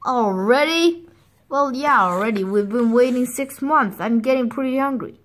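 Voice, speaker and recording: A woman voicing a nervous, soft-hearted fox in a storybook reading, hesitant and flustered. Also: a little high, moderate pace, natural voice.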